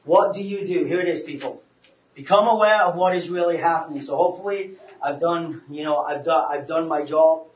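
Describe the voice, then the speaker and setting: A man gives an animated church talk in a roomy hall, heard from across the room. His voice sits fairly high, and he tells stories with many restarts. The recording is dull and lo-fi. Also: brisk. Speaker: speaker. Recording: roomy, distant, dull lo-fi sound.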